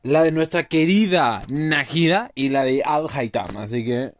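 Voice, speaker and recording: A man's voice: a little high, normal speed. A man streaming a game, commenting casually and swearing freely. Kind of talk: casual let's play commentary.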